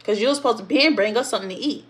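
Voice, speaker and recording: A young woman telling her own story to viewers in casual vlog style, with speech and an animated way of acting out what others said. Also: a little high, very fast. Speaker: storytime vlogger.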